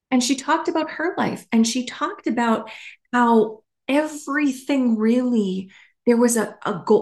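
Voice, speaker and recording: A woman hosting a solo podcast, talking in a candid, emphatic way and swearing casually. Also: a little high. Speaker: podcast host.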